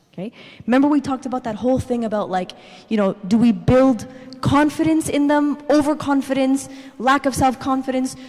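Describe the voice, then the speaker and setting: A woman in her thirties giving a parenting talk at a church, telling animated personal stories and tagging her points with "okay?". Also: sits high. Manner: animated storytelling, tags lines with "okay?". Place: church hall. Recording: reverberant church hall.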